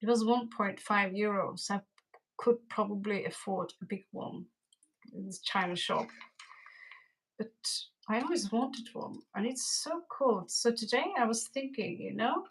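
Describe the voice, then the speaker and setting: A woman's voice: medium pitch, a little slow, husky, rough recording. A woman doing a casual, rambling live-stream tarot reading, chatting with viewers and greeting them in Spanish. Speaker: tarot reader.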